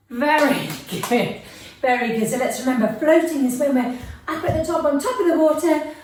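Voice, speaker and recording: A woman teaching a lively class for young children, in a sing-song, encouraging way, calling out actions for them to copy. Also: high voice, normal speed, a little hiss or hum. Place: home room with a child helper. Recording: echoey room, mic at a distance.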